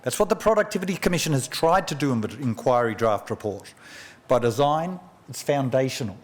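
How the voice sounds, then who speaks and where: A man, an economist, delivering a formal memorial oration in a measured lecturing way, with rhetorical questions and personal anecdotes, at a podium microphone. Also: medium pitch, animated. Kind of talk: formal public speech. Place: large function room at a press club.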